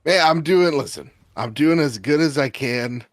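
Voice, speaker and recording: A man's voice: a little high, normal speed, no room sound, studio quality. A tired man from New Jersey chatting casually as a podcast panelist, in a laid-back, rambling way. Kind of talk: casual chat.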